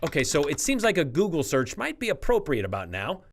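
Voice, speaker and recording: Wry, lively male news presenter. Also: a little high, a little fast, a little hiss or hum. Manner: playful, wry. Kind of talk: scripted news segment.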